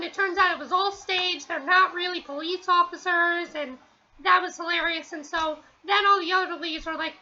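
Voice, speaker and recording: A woman's voice: very high voice, steady tone, normal speed, bright, forceful tone, highs cut off. A woman giving a casual, rambling spoken review at home, with many fillers and restarts. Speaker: TV episode reviewer.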